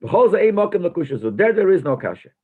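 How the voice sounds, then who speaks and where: A man's voice: sits high, sing-song, quick pace, breathy edge. A rabbi teaching a text-study class. He reads a phrase aloud, then translates and explains it, posing questions as he goes. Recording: tinny phone-like lo-fi recording.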